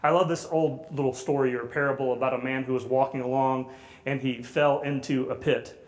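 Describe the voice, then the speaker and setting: A man preaching a sermon in a conversational way, building loud and high on repeated phrases and dropping soft on quiet lines. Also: fairly even intonation, brisk. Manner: conversational with fillers. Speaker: guest preacher.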